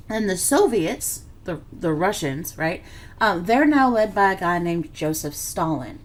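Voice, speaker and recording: A woman teaching a history lesson in a casual, conversational way, full of fillers and check-ins, a bit tired and yawning. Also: fairly low pitch. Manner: conversational, filler-heavy, checks in with "okay" and "right". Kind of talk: classroom lecture on slides.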